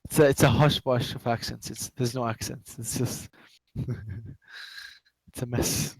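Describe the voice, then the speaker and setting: A man developer chatting casually while coding, halting and repeating words, muttering to himself at times. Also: medium pitch, flat delivery, creaky, a little mellow, slightly rough, no echo, rough recording. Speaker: game developer streaming.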